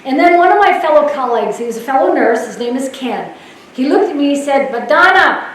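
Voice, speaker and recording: A woman nurse giving a storytelling talk, lively and laughing, acting out voices. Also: high voice, fast talker, distant mic, slight background noise. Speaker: nurse speaker. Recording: echoey hall, mic heard from afar.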